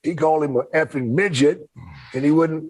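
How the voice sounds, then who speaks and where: A man's voice: fairly high pitch, brisk, darkish tone, no room sound. An older man co-hosting a podcast in casual chat, blunt and profane, often laughing as he talks. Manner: blunt, profane, laughs through his words. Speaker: podcast co-host.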